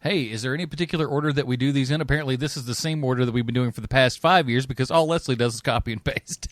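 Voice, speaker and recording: A man hosting a movie podcast in casual chat, joking and teasing his co-hosts, often trailing off quietly. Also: mid-range voice, rapid-fire, no echo. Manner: animated, jokey, trails off quietly. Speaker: podcast host.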